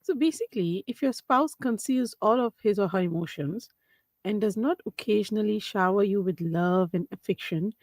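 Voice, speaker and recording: Radio co-host lady, mid voice, quick questions, dry studio sound. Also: medium pitch, no echo. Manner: brief, probing questions and summaries. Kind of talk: radio talk show questions.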